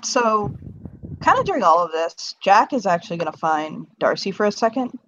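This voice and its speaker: A woman's voice: medium pitch, very animated, normal speed, fairly bright tone, slight background noise. A woman at a tabletop game, rambling through what her character does in a loose, giggly way, tripping over her own restarts. She swears casually now and then. The recording sounds a bit dull and lo-fi. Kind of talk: casual role-play narration.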